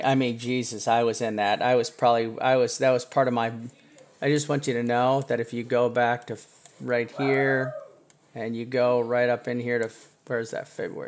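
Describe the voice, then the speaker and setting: A man hosting a trading live stream, talking casually over charts, chatty and self-mocking, with bursts of excitement. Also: medium pitch.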